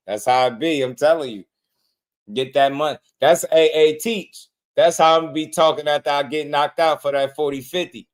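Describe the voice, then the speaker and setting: A man in the middle of the male range hosts a boxing channel, riffing loosely on clips he has just watched. His talk is slangy and rambling, and it is broken up often by laughter. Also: mid-range voice. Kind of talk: casual reaction commentary.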